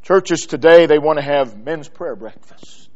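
Slow-speaking, high-voiced preacher. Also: male voice, lively intonation, highs cut off. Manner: builds from quiet, drawn-out phrases to loud, emphatic repetition. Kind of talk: sermon. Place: church.

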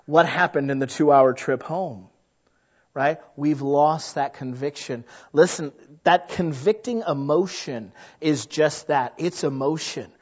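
High-ish guy preaching, talks like he's chatting, acts out what people think, kinda dull lo-fi sound. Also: slightly rough. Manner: conversational, acts out quoted inner voices. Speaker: pastor. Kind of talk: sermon.

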